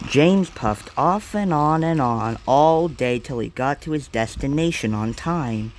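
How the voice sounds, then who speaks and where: A man's voice: on the high side, animated, measured pace, few pauses, slight background noise. A man narrating a homemade storybook about train engines in a plain reading style.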